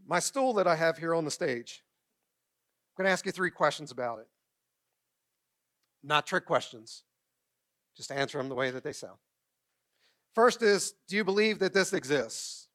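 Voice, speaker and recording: Middle-aged male pastor, somewhat high voice, animated storytelling sermon delivered from the stage. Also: normal speed, long pauses. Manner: storytelling, animated, acts out quotes and asks the congregation questions. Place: church stage.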